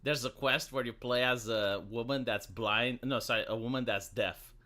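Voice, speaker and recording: A man from Romania hosting a casual stream, talking in an animated, mocking way and slipping into quick impressions. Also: mid-range voice. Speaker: streamer host. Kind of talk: casual political banter.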